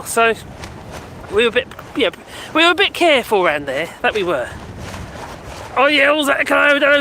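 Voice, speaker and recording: A man with a strikingly high, bright voice rambles cheerfully through a casual outdoor live stream. He chats loosely, reacts to comments and laughs often, speaking into a mic with a furry windshield while faint wind hisses behind him. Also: low-quality recording. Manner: chatty and rambling, with frequent laughs and exclamations. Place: outdoors on a windy hillside near buildings. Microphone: handheld mic with furry windshield.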